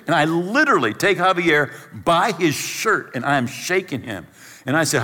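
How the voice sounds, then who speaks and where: A middle-aged man preaches from the pulpit, spinning a self-deprecating story and acting out the scenes as he goes. His pitch rises and falls with lively swings. The sound rings with the long reverb of a large hall. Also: normal speed. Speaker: pastor. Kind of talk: storytelling sermon.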